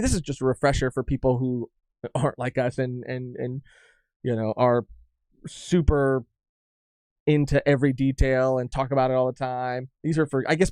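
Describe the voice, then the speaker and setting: A young man co-hosting a podcast in casual chat, rambling and halting with frequent restarts. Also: mid-range voice, a little mellow, clear, resonant tone, dry recording, clean studio sound. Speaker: podcast co-host.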